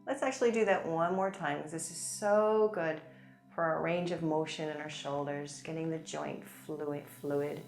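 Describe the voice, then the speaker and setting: A woman teaching a chair yoga class, gently guiding breaths and movements with encouragement and light laughs. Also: deep voice, fairly even intonation, normal speed. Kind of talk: guided yoga class instruction. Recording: echoey room with soft music. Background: soft background music.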